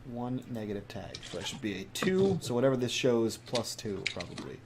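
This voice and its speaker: A man's voice: mid-range voice, big pitch swings, brisk, noisy background. A man playing a tabletop game, thinking aloud about his moves with plenty of fillers. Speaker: player. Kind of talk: casual tabletop play.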